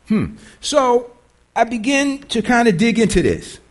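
A male preacher delivers a conversational sermon, stopping often to question his listeners. His voice is high for a man and swings widely in pitch. He often restarts and repeats his words as he talks it through. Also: very animated, measured pace. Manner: conversational, quizzes the congregation, repeats himself.

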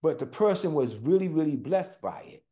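Male preacher, fairly high voice, emphatic sermon delivery, addresses the congregation directly. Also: animated, mellow. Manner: emphatic, slows for stress, talks to listeners directly.

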